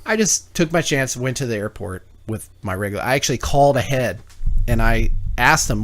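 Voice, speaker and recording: A man's voice: medium pitch, expressive, brisk, a bit bright. A man in his usual mid-range voice tells a long, rambling story on a call-in talk show. He swears freely and acts out both sides of conversations as he goes. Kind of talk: casual chat.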